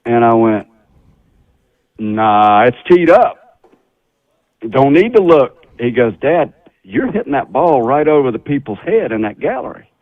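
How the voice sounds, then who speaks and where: A man's voice: medium pitch, measured pace, long pauses, no echo. Folksy middle-aged man telling a golf story. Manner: folksy, animated storyteller with laughter. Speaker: guest, former tour golfer. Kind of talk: storytelling on a radio talk show. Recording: slightly dull radio sound.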